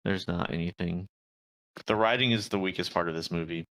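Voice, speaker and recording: A man's voice: sits low, a little fast, a bit bright, rough recording. A man with a nasal voice, co-hosting a casual commentary chat and often saying "like". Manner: laid-back, says "like" a lot. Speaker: co-host.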